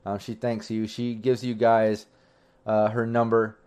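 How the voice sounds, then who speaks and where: A man's voice: fairly low pitch, completely flat delivery, a little slow, darkish tone, clean tone. Easygoing man running a tabletop game. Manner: loose, rambling, frequent ums. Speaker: game master.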